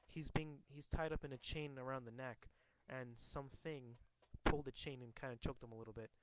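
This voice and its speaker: A man's voice: mid-range voice, fairly even intonation, noisy background. A man casually reading a comic aloud and commenting on it, often stumbling and rereading lines. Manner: halting, rereads and corrects himself. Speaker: comic reader.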